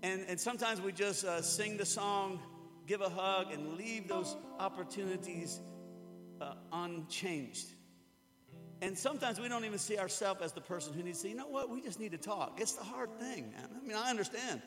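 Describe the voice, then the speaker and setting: High-voiced male preacher in a reverberant hall. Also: moderate pace. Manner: conversational, joking, with acted-out quotes. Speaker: pastor. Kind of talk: sermon. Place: church hall before an audience. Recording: hall reverb with music behind.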